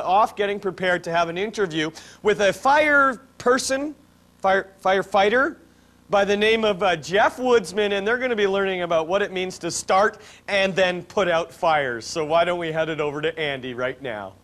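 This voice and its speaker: A man's voice: high-pitched, normal speed, a bit bright. A man hosting a comedy morning show, opening in a chipper voice that rambles and stumbles over words. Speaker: host.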